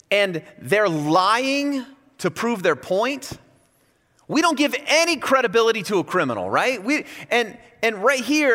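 A man preaching a sermon as pastor, in a conversational, animated way with casual asides. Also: very high-pitched. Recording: long reverb from a large hall.

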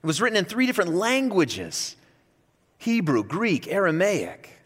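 A man preaching a sermon as pastor, in a conversational, animated way with casual asides. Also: high-pitched, moderate pace, breathy edge. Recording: long reverb from a large hall.

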